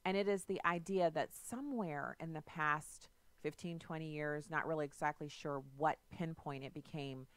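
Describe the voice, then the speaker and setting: A woman with a low, smooth voice hosts a political talk radio show. She talks conversationally, drifting into stories with asides. The sound is dry and close. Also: normal speed, fairly bright tone, dry recording.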